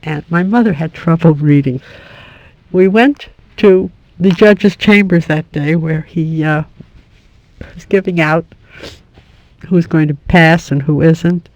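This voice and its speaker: A woman's voice: deep voice, takes it slowly, pauses often, darkish tone, no room sound, lo-fi sound. An older woman fondly recounting a story about her mother's citizenship hearing. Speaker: interviewee. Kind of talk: archival oral history recollection.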